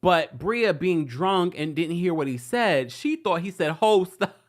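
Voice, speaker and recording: A man's voice: a little high, very animated, measured pace. A man hosting a casual recap stream, laughing often and reading out viewer comments. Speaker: host. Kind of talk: casual recap livestream chat.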